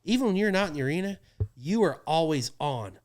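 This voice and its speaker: A rodeo clown chats on a podcast in a fairly high voice, moving at a brisk clip. Animated and quick to laugh, he acts out what others said as he tells his stories.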